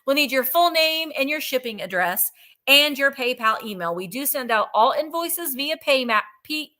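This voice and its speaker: A woman hosting a live online vintage sale, her voice bright and a little high. She chats in a bubbly, upbeat way and greets her viewers by name as she goes. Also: lively intonation, normal speed. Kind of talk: live-stream sales chat.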